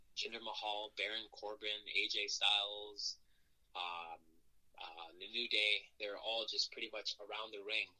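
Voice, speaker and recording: A man, a wrestler, telling a lively story in a podcast interview and acting out what people said. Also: fairly low pitch, poor audio. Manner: animated, acts out quotes in raised voices. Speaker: wrestler guest.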